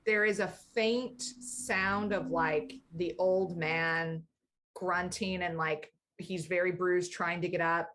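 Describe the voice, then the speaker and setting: Slow-talking woman dungeon master. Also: fairly low pitch, steady tone, a bit bright. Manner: loose, chatty narration with fillers. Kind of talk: narrating a tabletop game.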